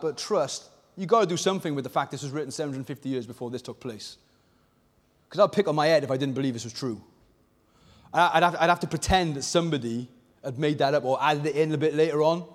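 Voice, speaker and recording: Man, preacher, high voice, passionate sermon, loud peaks and hushed lows, long hall reverb. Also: fast. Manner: swings between fervent, near-shouted emphasis and hushed intensity.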